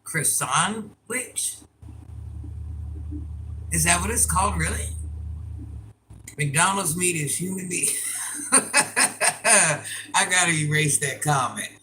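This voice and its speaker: Slow, bright-voiced older woman chatting live. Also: on the low side, slight background noise, rough recording. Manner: chatty, laughing, bursts of loud exclamation. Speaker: livestreamer. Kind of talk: casual live-stream chat.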